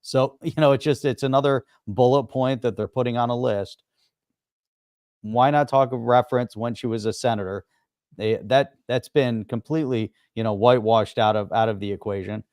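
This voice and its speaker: A man's voice: mid-range voice, steady tone, moderate pace, darkish tone, no room sound. Sarcastic, laughing man in a dry room. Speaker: livestream co-host. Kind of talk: casual chat.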